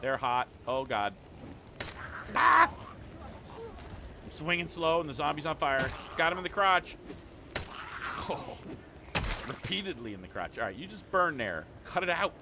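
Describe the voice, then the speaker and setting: A man with a fairly high voice streams a multiplayer game live, chatting with his viewers and friends and often exclaiming and laughing. He talks at a moderate pace with long pauses, over heavy background noise.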